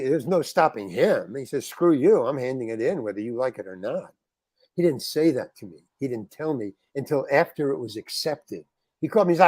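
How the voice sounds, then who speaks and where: A man being interviewed on a podcast, telling an anecdote with lively restarts and acted-out quotes of other people. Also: on the high side, dry recording, clean studio sound. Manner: animated, acts out other people's lines in quotes, frequent restarts. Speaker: interview guest, actor. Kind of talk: anecdotal storytelling in a podcast chat.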